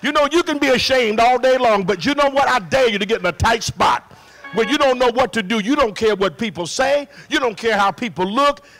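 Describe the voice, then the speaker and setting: High gravelly preaching man. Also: brisk, soft background music. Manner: preaching, rising to shouts and singsong. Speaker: pastor. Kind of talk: sermon. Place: church. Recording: live church recording.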